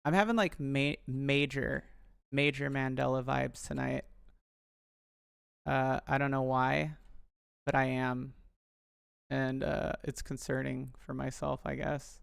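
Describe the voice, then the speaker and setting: A man's voice: medium pitch, fairly even intonation, slow, vocal fry, long pauses, a bit bright, smooth, no room sound, studio quality. A young man rambling on a live stream, talking to his viewers and poking fun at himself. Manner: chatty, self-deprecating, addresses viewers.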